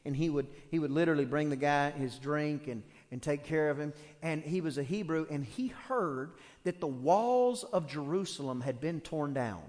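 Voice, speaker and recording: A male pastor preaching a sermon, telling stories with lively acted-out quotes. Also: on the high side, normal speed, hardly any pauses. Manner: animated storytelling with acted quotes. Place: church. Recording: long hall reverb.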